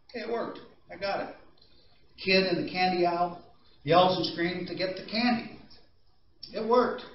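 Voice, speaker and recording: A man's voice: fairly high pitch, slight background noise. A man giving an anger-management training talk to a group, explaining ideas in a conversational way and telling stories with asides to the audience. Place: training room. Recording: distant echoey room mic, slightly dull.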